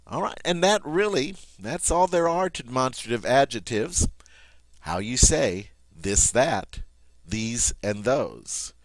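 Lively, slow-spoken male French teacher. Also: mid-range voice, no room sound. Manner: emphatic, repeats "all right" often. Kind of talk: recorded French lesson.

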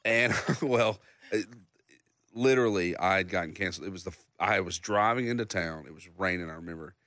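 A songwriter in his thirties telling a story in casual chat, acting out other people's lines in a loud, high voice. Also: brisk, dry recording, clean studio sound. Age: 30s. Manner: animated storyteller, acts out loud high-pitched quotes of others. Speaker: songwriter guest.

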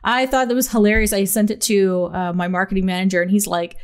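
Woman podcast co-host, animated, laughing storyteller, mid-pitched voice. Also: quick pace, clean tone. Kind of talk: casual podcast chat.

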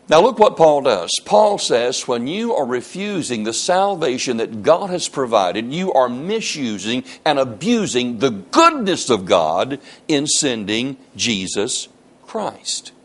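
Man, pastor, preaching a sermon; animated pitch, emphatic questions, reads scripture aloud. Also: slow pace.

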